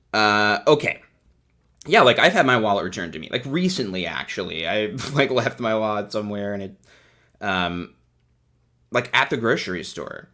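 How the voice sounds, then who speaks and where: A man's voice: on the low side, a bit bright. A man hosting a livestream, giving sarcastic, rambling commentary in a casual chat. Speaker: host.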